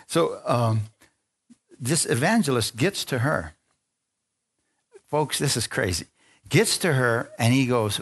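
Man preaching a lively testimony. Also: mid-range voice, unhurried, pauses often, slightly rough. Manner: storytelling, acts out dialogue, asks the crowd for amens. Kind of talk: sermon testimony.

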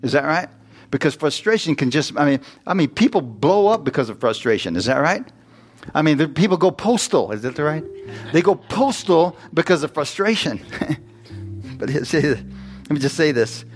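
A man's voice: on the high side, expressive, normal speed, soft background music. Man preaching, reads verses, quizzes the crowd, light instrumental behind. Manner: asks the congregation questions, jokes, reads scripture aloud. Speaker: pastor. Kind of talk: sermon.

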